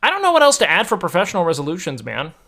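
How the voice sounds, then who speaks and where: A man's voice: sits high, huge pitch swings, racing, gravelly, bright, forceful tone. A young man livestreaming, chatting casually and musing aloud to his chat, swearing now and then, at a home desk mic.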